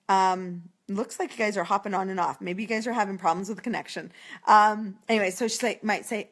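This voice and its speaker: A woman's voice: medium pitch, brisk. A woman coaching direct sellers in a casual, upbeat livestream talk, breaking into bubbly acted calls to a hostess. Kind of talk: casual coaching talk on a live video stream.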